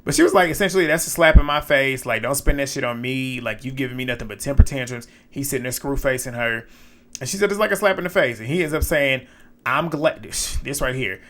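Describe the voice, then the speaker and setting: A man's voice: medium pitch, a little fast, a bit bright, slight background noise. A man casually recapping a reality dating show episode, blunt and exasperated, laughing now and then as he retells the scenes. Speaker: recap commentator.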